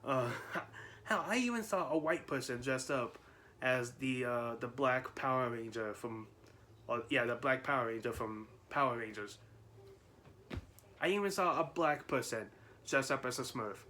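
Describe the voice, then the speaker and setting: A man talks straight to his viewers in a loose, rambling way, breaking into laughs and restarting his sentences. His voice sits at an ordinary middle pitch, with a faint hiss of noise under the recording. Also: a little slow, bright, forceful tone. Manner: rambling, laughs often, many restarts and fillers. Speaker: vlogger. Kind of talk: casual chat to camera.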